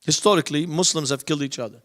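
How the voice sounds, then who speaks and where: A man's voice: a little high, rapid-fire, a bit bright. Man speaking in a reverberant hall. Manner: storytelling, acting out both sides of dialogues. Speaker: conference speaker. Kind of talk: lecture with anecdotes.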